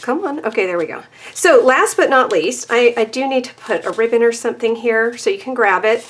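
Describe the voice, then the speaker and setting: A woman's voice: fairly high pitch, lively intonation, brisk. A chatty, self-deprecating woman giving a casual papercraft tutorial, laughing often and a little out of breath. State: a bit out of breath. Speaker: papercraft demonstrator.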